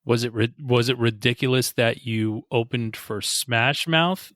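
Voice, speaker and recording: A man's voice: mid-range voice, a little slow, a bit bright, no room sound, studio quality. A man hosting a podcast interview, asking earnest, long-winded questions. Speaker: podcast host.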